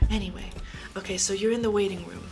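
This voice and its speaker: A young woman streamer chatting softly and rambling on an ASMR live stream. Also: mid-range voice, vocal fry. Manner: soft, rambling, giggly. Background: faint background music.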